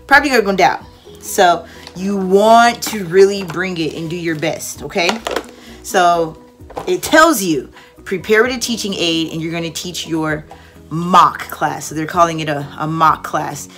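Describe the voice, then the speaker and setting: A young woman mentoring online English teachers in a casual, lively way, acting out a cheerful classroom voice at times. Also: on the low side. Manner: lively, demonstrates with exaggerated teacher voice. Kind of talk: casual instructional talk.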